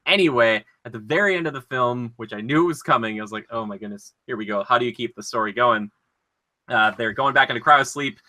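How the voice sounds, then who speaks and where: A man co-hosting a casual podcast, retelling scenes in an animated, rambling way with lots of filler words. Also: medium pitch, brisk. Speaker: podcast co-host.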